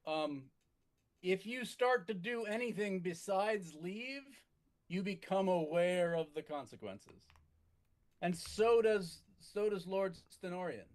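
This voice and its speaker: A man narrating a tabletop game as its game master, measured and halting, with frequent restarts. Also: high voice, animated.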